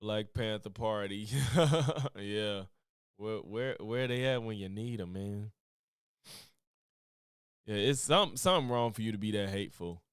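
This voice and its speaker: A man's voice: on the low side, unhurried, pauses often, clear, resonant tone, no room sound, studio quality. A man giving exasperated, slangy commentary while reacting to news on a stream. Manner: animated, exasperated ranting with slang.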